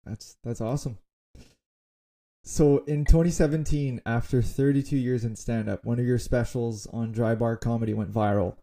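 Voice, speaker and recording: A man hosts a casual interview and asks relaxed, open questions. His tone is warm and mellow, in a middle pitch for a man. He answers with short, friendly reactions. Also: moderate pace. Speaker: interviewer, host.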